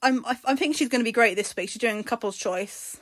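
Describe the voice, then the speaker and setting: A woman with a fairly high voice talks casually, often restarting her sentences as she recounts things. The sound is dry and close, with no room around her. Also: fairly quick, fairly bright tone, dry recording. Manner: hesitant, recounting with many restarts. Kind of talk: casual chat.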